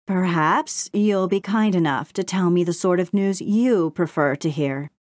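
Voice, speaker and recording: Brief: woman doing a huffy male crow for a storybook, low-ish voice, dry sound. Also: measured pace, darkish tone, no room sound, natural voice. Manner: cross and indignant. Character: peevish, self-important male crow. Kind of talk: storybook reading.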